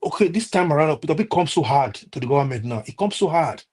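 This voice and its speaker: Heated Nigerian man, husky voice. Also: on the high side, expressive, a little mellow. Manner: heated, scolding, halting with many restarts. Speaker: live stream commentator. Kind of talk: heated political commentary.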